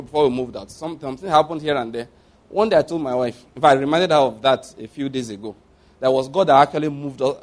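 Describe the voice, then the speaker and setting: A middle-aged man delivers a sermon in an easy, talky manner. His voice sits somewhat high for a man. He circles back and repeats key phrases to drive them home. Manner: conversational, repeats phrases for emphasis. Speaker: pastor.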